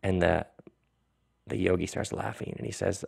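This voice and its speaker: Middle-aged male podcast host, low gravelly voice, chatty rambling monologue with frequent laughter. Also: normal speed. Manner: animated, laughing, rambling asides. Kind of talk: casual monologue.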